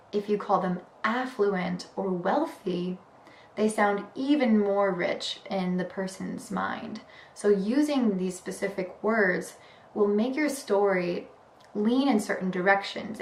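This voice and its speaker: Woman teaching English vocabulary, echoey room. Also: medium pitch. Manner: clear explanatory teaching, stretching key words. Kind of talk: vocabulary lesson. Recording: echoey room with faint background noise.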